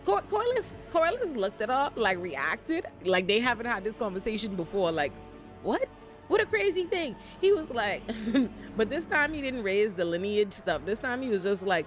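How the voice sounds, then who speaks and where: A woman's voice: a little high, moderate pace, soft background music. Sassy, profane woman recapping a show. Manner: animated, sassy and profane, with lots of asides. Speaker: recap host. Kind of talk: casual commentary recap.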